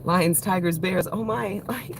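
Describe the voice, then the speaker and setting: A woman's voice: on the low side, a little slow, noisy background. A woman in her thirties giving a casual live-stream tarot reading, swearing freely, laughing often and talking with open emotion. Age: 30s. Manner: profane, laughing, emotional and playful. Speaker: tarot reader.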